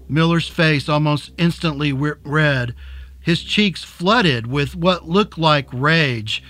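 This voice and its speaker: A man narrating a dark serial story in a measured, deliberate way, and hosting the episode. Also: a little high, soft background music. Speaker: narrator and host.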